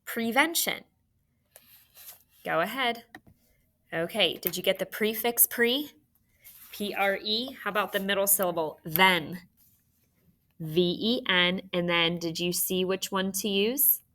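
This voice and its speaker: A woman teacher walks young students through a phonics spelling lesson. She speaks slowly, pausing to spell out letters one by one. Her voice is bright and forward. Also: medium pitch. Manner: slow, careful dictation, spelling out letters.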